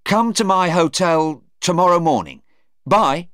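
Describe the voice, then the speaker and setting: A man's voice: high-pitched, expressive, fairly bright tone, no echo, studio quality, pitched above the performer's own voice. A man voicing an agitated young man in a story. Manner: quick and emphatic.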